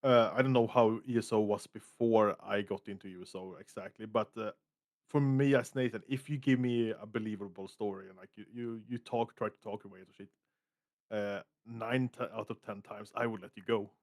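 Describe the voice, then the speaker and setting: A man's voice: fairly low pitch, steady tone, fairly quick, dry recording, studio quality. A man as a guest in a casual podcast chat, hesitant and searching for words. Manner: hesitant, many fillers and restarts.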